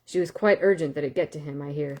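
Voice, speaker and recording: A woman's voice: deep voice, fast talker, mellow. Woman playing a sly young man in disguise. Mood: sly wheedling. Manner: wheedling, sly salesman's patter. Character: young male hero in disguise, sly and persuasive.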